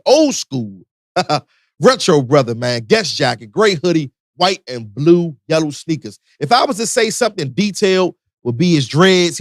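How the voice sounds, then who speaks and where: High, lively-voiced radio host. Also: male voice, dry recording, clean studio sound. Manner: animated, preachy, conversational with slang. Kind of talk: casual radio talk.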